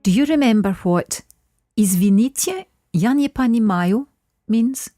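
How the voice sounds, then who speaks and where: A woman teaching a short scripted language lesson, saying phrases slowly and clearly for learners to repeat. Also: fairly high pitch, animated, dark tone, dry recording, faint music behind. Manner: clear, slow modelling of phrases.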